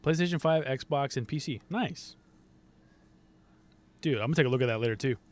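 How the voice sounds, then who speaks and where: A man co-hosting a casual gaming podcast, joking and laughing often in quick banter. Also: mid-range voice, a little mellow. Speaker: podcast co-host.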